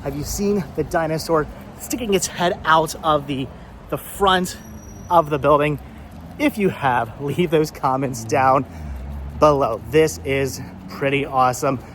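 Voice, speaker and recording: Eager male vlogger, a little high, outdoors with faint road noise behind. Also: unhurried, fairly bright tone. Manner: enthusiastic, repeats himself, laughs often. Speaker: vlogger host. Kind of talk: casual vlog narration. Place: outdoors at a car wash by a road. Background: faint traffic and honking.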